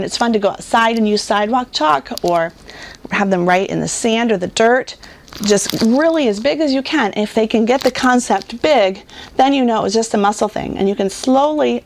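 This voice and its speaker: Lady walking parents through phonics and spelling, patient and explainy, slows down to sound out words. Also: mid-range voice, gravelly. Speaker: curriculum publisher teaching parents. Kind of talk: instructional talk to homeschool parents.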